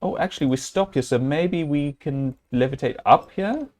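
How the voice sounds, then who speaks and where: A man's voice: fairly high pitch, moderate pace, a little mellow. Man thinking aloud over a game. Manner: thinking aloud, hesitant, with many fillers and restarts; talks to viewers and to the game character. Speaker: streamer playing a game. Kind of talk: live gameplay commentary.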